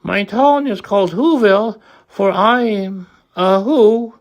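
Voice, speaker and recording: A woman's voice: slow, natural voice. A woman voicing a tiny, cheerful male mayor of a Who town in a piping little voice, for a storybook reading. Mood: grateful. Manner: squeaky, piping.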